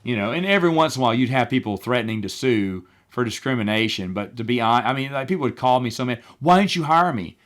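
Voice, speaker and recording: A middle-aged man tells stories from his old job in a relaxed, chatty monologue. He is animated and wry, with exasperated asides, and he slips into other voices when he quotes people. His voice sits at an ordinary pitch for a man. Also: quick pace, few pauses. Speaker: podcast host. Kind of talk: casual storytelling monologue.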